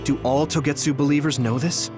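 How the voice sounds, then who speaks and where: A man's voice: fairly high pitch, steady tone, fairly quick, close to an everyday voice. A man voicing an earnest young male hero in a video game, speaking sincerely and steadily. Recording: game audio with music behind.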